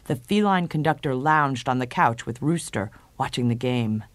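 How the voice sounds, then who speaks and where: A woman reading a story in a measured way. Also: rumbling low, animated. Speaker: story reader.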